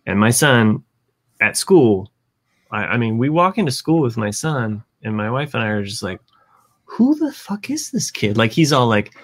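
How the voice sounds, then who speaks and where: A man's voice: mid-range voice, expressive, normal speed. A man in casual podcast chat who acts out quoted voices. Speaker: podcast co-host.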